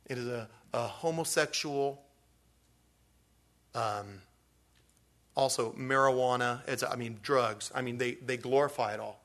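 A man's voice: mid-range voice, unhurried, pauses often, fairly bright tone. A man preaching a sermon in a folksy, rambling way, full of restarts and stories. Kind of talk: storytelling sermon.

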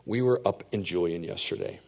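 A middle-aged man preaching a sermon as a pastor, telling stories and swinging from hushed asides to loud, emphatic points. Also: deep voice, fairly quick, vocal fry.

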